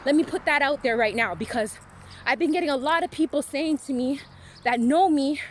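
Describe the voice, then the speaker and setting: Frank, emphatic woman with a higher voice. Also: a little fast. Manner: frank and emphatic, swears freely, asks "right?" often. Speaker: motivational vlogger. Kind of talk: candid motivational monologue.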